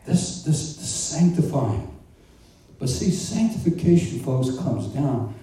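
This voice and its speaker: A man preaching a sermon, animated and conversational, asking the congregation questions and joking along the way. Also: a little high, slow pace. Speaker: pastor. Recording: roomy echo, distant mic.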